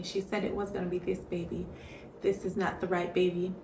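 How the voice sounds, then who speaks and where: In a casual pregnancy vlog, a woman chats expressively and tells her stories with a gravelly edge to her fairly low voice, speaking briskly. The recording has an echoey room sound and a faint hiss in the background.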